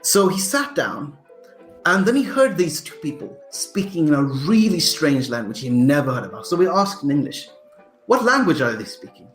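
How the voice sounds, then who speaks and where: A man's voice: fairly high pitch, big pitch swings, normal speed, soft background music. A man from Sweden on a group podcast, telling rambling stories with hesitant restarts. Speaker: podcast panelist. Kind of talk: casual group chat. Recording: echoey room mic.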